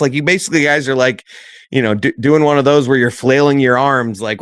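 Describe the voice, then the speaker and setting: A man's voice: medium pitch, a little fast, clean tone, no echo, studio quality. A young adult man co-hosting a podcast in casual chat, teasing and acting out scenes in little voices. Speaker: podcast co-host.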